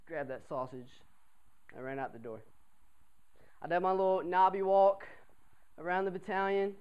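A young man, a college cadet, telling a comic story to an audience in a chatty, animated way, often asking the crowd to answer him. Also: sits high, clear, resonant tone, low-quality recording. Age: young adult.

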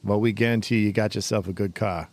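A man voicing a brash, crude male car-lot pitchman in a put-on Boston accent with a touch of Irish, in a pushy sales patter. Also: fairly even intonation, quick pace, a little mellow, no echo, close to an everyday voice. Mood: hard-sell. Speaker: podcast co-host.

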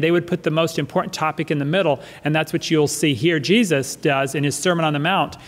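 A male pastor preaching a sermon in a church, emphatic and fond of repeating his key phrases. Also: a little high. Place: church sanctuary. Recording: church hall reverb.

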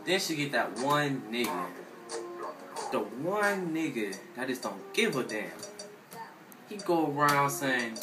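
A man in a profane comedic rant, animated and slangy, acting out what his friends say. He sounds set back from the mic in a roomy space. Music plays clearly underneath. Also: mid-range voice, slow, long pauses, distant mic. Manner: animated, acts out friends' voices, heavy slang and swearing. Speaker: comedic commentator.

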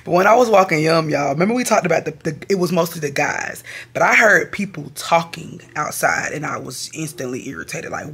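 A woman's voice: sits low, animated, brisk, fairly bright tone, echoey room. A woman, chatting candidly and rambling to her vlog camera in her home kitchen, swearing casually. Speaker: lifestyle vlogger.

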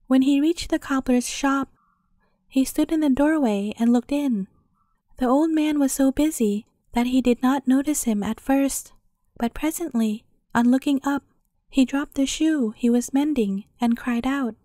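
A woman reading a bedtime fairy tale aloud in calm, scripted storybook narration. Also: high voice, unhurried, no echo, clean studio sound.

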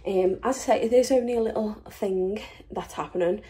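A woman's voice: mid-range voice, a little fast, warm tone. A woman chatting casually through her cooking prep in a home kitchen, matter-of-fact and full of fillers. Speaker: family vlogger. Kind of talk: casual vlog narration while cooking.

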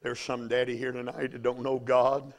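A man preaching a fiery revival sermon in a church, swinging from hushed storytelling to shouting. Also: medium pitch, flat delivery, normal speed.

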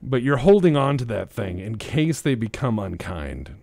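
A man's voice: medium pitch, big pitch swings, moderate pace, gravelly, darkish tone, no echo. A man hosting a casual gaming stream, rambling and joking, swearing freely and restarting his sentences. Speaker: streamer host.

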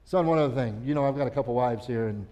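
A man's voice: mid-range voice, warm tone, muffled recording, lightly acted. A man playing a remorseful aging King David. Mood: fatherly. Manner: fatherly, confessional, slow and reflective. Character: aging King David counseling his son. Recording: long church reverb.

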